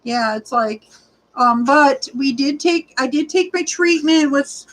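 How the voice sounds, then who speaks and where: This rideshare vlogger, a high-voiced woman in her forties, chats casually on her livestream while reading comments, with fairly even intonation and a measured pace. She rambles, uses many fillers, greets viewers by name, and is short of breath at times, all over poor audio.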